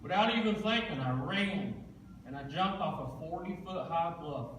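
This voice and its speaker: A man's voice: on the high side, expressive, moderate pace, background noise. A man, a guest speaker giving a plain-spoken, folksy testimony during a church service. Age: 40s. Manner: plain-spoken storytelling, folksy Southern phrasing. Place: church sanctuary. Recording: echoey church room, distant mic.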